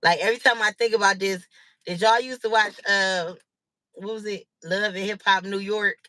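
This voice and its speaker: A woman's voice: mid-range voice, steady tone, normal speed, sharp tone, no echo. A woman hosting a casual live chat with viewers, rambling and laughing with many fillers. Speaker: livestream host.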